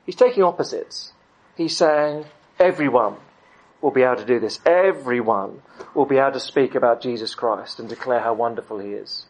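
A middle-aged man preaching a sermon, emphatic, with dramatic pauses. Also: mid-range voice, expressive, slight background noise. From United Kingdom.

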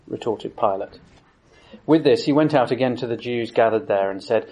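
Male scripture reader, even and measured, mid pitch. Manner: plain measured reading. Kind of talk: scripture reading.

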